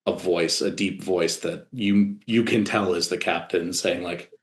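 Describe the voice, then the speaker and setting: Slow, halting male game master. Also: low-pitched, steady tone, reverberant. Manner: halting, many fillers and restarts. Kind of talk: narrating a tabletop game.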